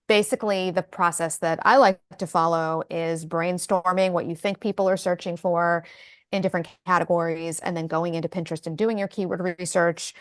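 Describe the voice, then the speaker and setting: A woman's voice: on the low side, no echo, clean studio sound. A woman co-hosting a casual chat about marketing, talking in a chatty way with lots of fillers and restarts over a video call. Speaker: co-host.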